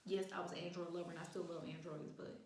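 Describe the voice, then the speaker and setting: Talking fast in a lowish voice, a young woman vlogger shares a profane, animated storytime, acting out the quotes in casual chat. The room is very echoey and there is slight background noise.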